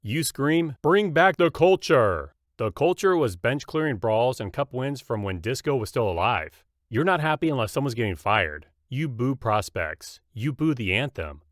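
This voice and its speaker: A man narrating a scripted comedy roast in a mocking, punchy deadpan. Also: medium pitch, no echo, studio quality.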